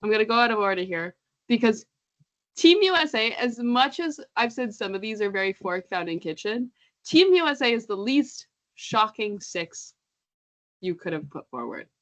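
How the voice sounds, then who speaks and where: A woman's voice: fairly high pitch, lively intonation, normal speed. A woman co-hosting a casual podcast, chatty and laughing often, stumbling over names as she reads them out. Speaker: podcast co-host. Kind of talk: casual chat.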